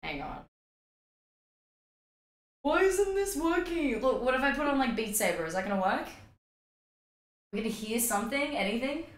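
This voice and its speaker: A woman live-streaming a game in a roomy, echoing space with faint music behind her. Her pitch is fairly high and swings widely as she swears, frets and sing-songs hellos to chat. Her voice sounds a little worn out. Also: moderate pace, long pauses. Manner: animated, swearing, sing-song greetings to chat.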